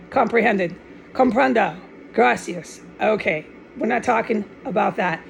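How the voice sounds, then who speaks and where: A woman's voice: medium pitch, vocal fry, low-quality recording. A woman giving a fervent, rambling religious monologue to camera, often restarting and dropping in Spanish words. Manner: fervent and insistent. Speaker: online video maker.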